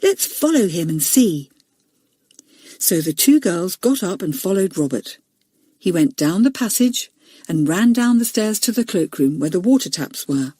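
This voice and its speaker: A woman reads a children's story aloud with a warm, mellow tone and lively, animated pitch. The sound is close and dry, with no room around it. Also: moderate pace, slightly rough, no echo. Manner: expressive, voices each character. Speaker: audiobook narrator. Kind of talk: storybook narration.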